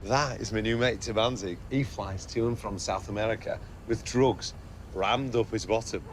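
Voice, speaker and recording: A crude older father with a lowish voice delivers coarse lines in a flat deadpan. A man acts him out, over a faint hiss in the background. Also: normal speed, lightly acted. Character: crude older working-class dad Nobby.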